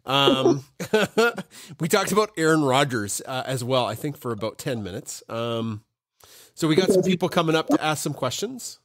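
An easygoing man hosts a podcast and runs a live audience Q&A, laughing often. His voice sits a little high, and the sound is dry and close. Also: lively intonation, moderate pace, no echo. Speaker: podcast host moderating a Q&A. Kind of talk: casual live audio chat.

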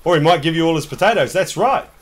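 A Kiwi streamer talks fast and animatedly in a fairly high voice, joking around with his co-player and audience. His commentary on the game is casual and rambling.

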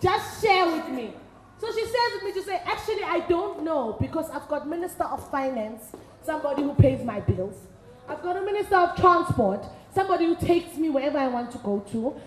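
High-voiced South African woman preaching frankly. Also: expressive, a little fast, slight background noise. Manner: frank, humorous storytelling with quoted dialogue. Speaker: speaker at a women's ministry event. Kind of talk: sermon-style motivational talk. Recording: echoey hall.

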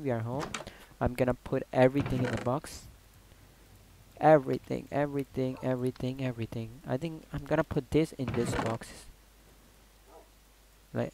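Excitable man narrating his gameplay. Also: mid-range voice, slight background noise, rough recording. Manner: excitable, loud outbursts, swears and jokes. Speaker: gaming YouTuber. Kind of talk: casual gameplay commentary.

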